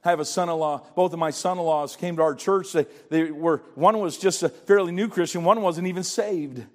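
Older man, pastor, sermon, high voice, pleading, stammering restarts. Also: a little fast.

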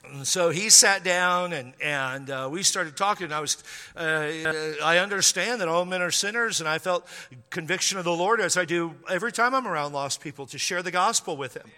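A man's voice: high voice, brisk, sharp tone. A man in his fifties, a pastor telling a rambling, conversational story to his congregation, with frequent restarts and playful asides. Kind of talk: storytelling sermon. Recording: long hall reverb.

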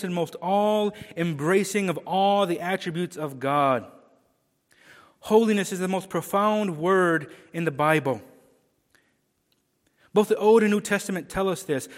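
High-voiced preacher man in a reverberant hall. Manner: emphatic, swings between loud proclamation and hushed low lines. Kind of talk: sermon.

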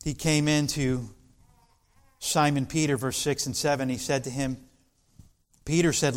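A man preaching an expository sermon as pastor, slow and deliberate, building to emphatic passages. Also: mid-range voice, fairly even intonation.

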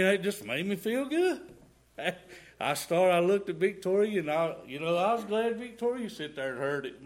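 A middle-aged man giving a rambling, folksy testimony in a church. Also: high-pitched. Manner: rambling folksy storytelling, y'all and ain't. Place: church sanctuary.

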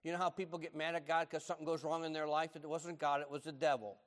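A man's voice: on the high side, little pitch movement, fast talker. An older man preaching a sermon, emphatic and repeating his key lines. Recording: long hall reverb.

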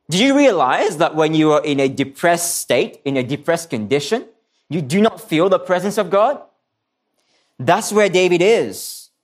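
Slow-speaking male preacher. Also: sits high. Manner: earnest, repeats key phrases for emphasis; restarts and stumbles on some words. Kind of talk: sermon.

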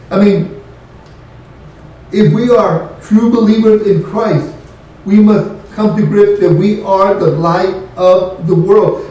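A man's voice: high voice, dark tone. A man preaching a sermon, emphatic and questioning, repeating key phrases to his congregation. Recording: very echoey room, voice from a distant mic.

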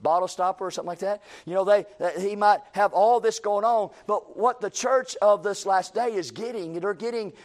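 A man's voice: high voice, moderate pace, hardly any pauses, darkish tone. A man preaching a sermon in a folksy, emphatic way, repeating phrases and quoting imagined critics.

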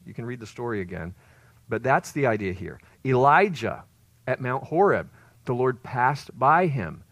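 A male pastor delivers a sermon at an ordinary pitch. He builds to loud, stressed phrases and then falls back to quiet asides. The recording is dry and close. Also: normal speed, dry recording. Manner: expressive, rises to loud emphasis then drops low.

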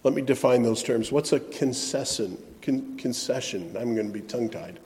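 A man preaching a sermon, shifting between soft, reflective passages and emphatic ones. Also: medium pitch, moderate pace. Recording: long hall reverb.

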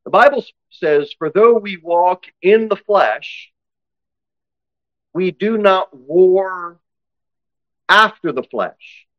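Preacher, male, fairly high voice, dry lo-fi sound; punchy exhortation, slows to read verses. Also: animated, no room sound. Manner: swings from loud exhortation to low, intense asides; reads scripture aloud, slowing for emphasis. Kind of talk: sermon. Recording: dull, dry lo-fi recording.

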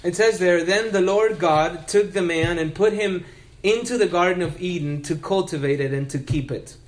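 A man's voice: high voice, normal speed. A male pastor preaching an expository sermon, reading scripture and explaining it with earnest emphasis.

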